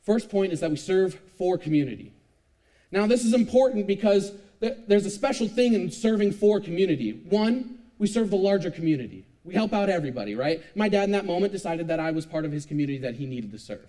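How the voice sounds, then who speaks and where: A young man in his twenties giving a youth sermon, telling a lively, self-mocking personal story. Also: high-pitched, fast talker. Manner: animated, self-mocking storytelling with frequent laughs. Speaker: youth speaker.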